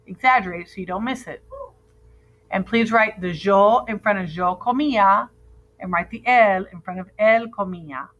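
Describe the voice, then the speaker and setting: A woman leads a classroom grammar lesson at an unhurried, steady pace. She drills verb endings call-and-repeat style, patient and clear. Her pitch sits in a plain middle range for a woman. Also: muffled recording. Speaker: Spanish teacher.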